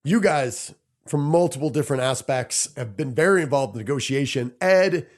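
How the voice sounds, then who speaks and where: A man in his forties hosting a podcast, chatting and reflecting in a relaxed, talkative way. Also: mid-range voice. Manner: chatty, reflective, quick asides. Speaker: podcast host. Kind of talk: casual conversation.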